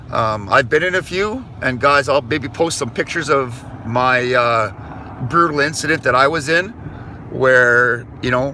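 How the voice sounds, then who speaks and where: A medium-pitched, pushed, bright voice belongs to a middle-aged Canadian vlogger talking casually to viewers while he drives, inside his car. He's laid-back and rambling, swears, then apologizes; there's a little hiss or hum.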